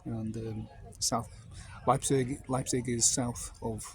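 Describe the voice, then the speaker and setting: North welsh guy in his 50s, rambly storyteller, mid pitch, steady hiss behind. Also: takes it slowly. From North Wales. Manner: meandering, digressive storytelling. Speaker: vlogger telling anecdotes. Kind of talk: casual anecdote.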